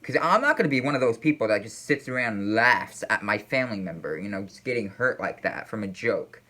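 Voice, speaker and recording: A man hosting a casual reaction video, talking in a rambling, halting way with many fillers and restarts, apparently from a room at home. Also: on the low side, lively intonation, pushed and bright.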